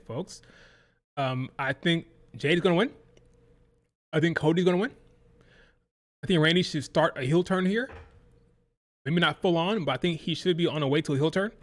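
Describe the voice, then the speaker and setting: A man's voice: on the high side, fairly bright tone. Heated man ranting on a livestream. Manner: heated, profane, exasperated ranting. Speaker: livestream host. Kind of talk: ranting live-stream reaction.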